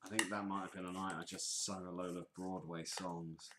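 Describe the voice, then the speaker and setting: A man with a notably low, deep voice, co-hosting a podcast in relaxed back-and-forth chat. He rambles, leans on fillers, and brags in a playful way. A faint hiss sits under the recording. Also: moderate pace. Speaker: podcast co-host. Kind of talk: casual chat.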